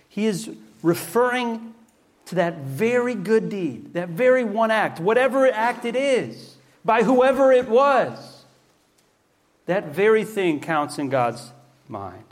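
Male preacher mid-sermon, slightly high voice, emphatic, asks rhetorical questions.

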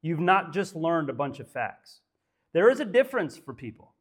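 A man's voice: fairly high pitch, big pitch swings, moderate pace, husky. A man preaching a sermon in church, emphatic and full of rhetorical questions. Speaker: pastor.

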